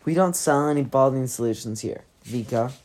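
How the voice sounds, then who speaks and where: Give me an exasperated storybook shopkeeper, read by a woman with a very low voice. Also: fairly quick, a little mellow, slight background noise. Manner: gruff, exasperated. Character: shopkeeper father, wry and short-tempered.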